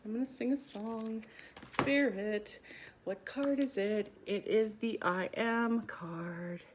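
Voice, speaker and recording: A woman in her thirties from Canada talks on a casual live stream as a spiritual coach. She is chatty and upbeat, reads viewer comments aloud, and sounds a little short of breath. Her voice sits at a middle pitch. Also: slow pace, background noise.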